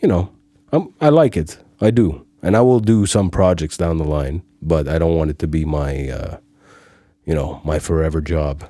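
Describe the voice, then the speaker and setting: Un hombre de Chipre, locutor invitado en una entrevista de pódcast, que habla con seguridad y calma. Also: male voice, extremely low pitch, moderate pace, no echo. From Cyprus. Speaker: guest, voiceover artist. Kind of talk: casual podcast interview.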